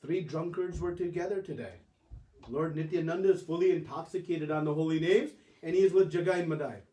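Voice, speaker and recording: A man's voice: on the high side, a little fast, warm tone, close to an everyday voice. A man voicing an amused elder male sage who teases and reassures. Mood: teasing. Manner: teasing, reassuring. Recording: roomy distant mic.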